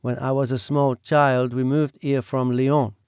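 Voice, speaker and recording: A man's voice: mid-range voice, flat delivery, unhurried, a little mellow, smooth, no echo, clean studio sound, close to an everyday voice. A man voicing a clever, prim fifteen-year-old French girl with a French accent, speaking in a poised, precise way. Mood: matter-of-fact. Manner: poised, precise, lightly teasing.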